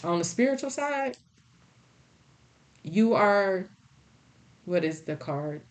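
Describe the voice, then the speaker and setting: A woman's voice: mid-range voice, lively intonation, takes it slowly. A woman giving a spiritual tarot reading in a blunt, folksy, scolding way. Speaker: tarot reader.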